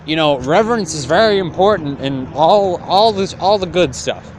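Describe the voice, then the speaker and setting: A man's voice: on the high side, expressive, moderate pace, a little hiss or hum, voice pushed up, lightly acted. A man voicing a smug, hypocritical friar who talks in brash, profane street slang.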